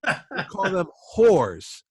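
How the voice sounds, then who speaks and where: A sputtering older artist who scolds in shrill bursts of repeated words, as a man puts him on. He climbs far above his normal pitch, and the lecture comes out preachy and exasperated. The room sounds close and dry. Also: huge pitch swings, very slow, darkish tone, slightly rough, no room sound, exaggerated voice. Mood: lecturing.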